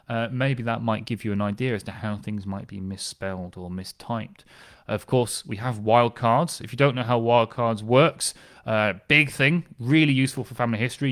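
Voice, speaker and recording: A man working as a family history specialist, explaining census records in a conversational, enthusiastic way. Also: medium pitch. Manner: conversational, with fillers and restarts, enthusiastic. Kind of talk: explanatory talk on genealogy records.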